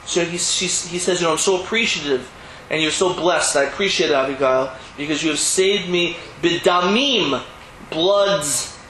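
High-voiced man teaching Talmud, roomy echo. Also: normal speed, sharp tone. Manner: storytelling, acting out quoted dialogue; explains Hebrew and Aramaic terms in plain English. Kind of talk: Talmud class lecture. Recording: roomy echo, faint ambient hum.

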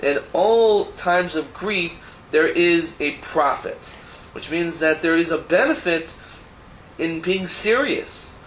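A man's voice: on the high side, lively intonation, slow, fairly bright tone. A man teaching a Talmud class, explaining the text line by line with Hebrew terms and casual asides. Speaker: Torah teacher. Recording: roomy echo, faint background noise.

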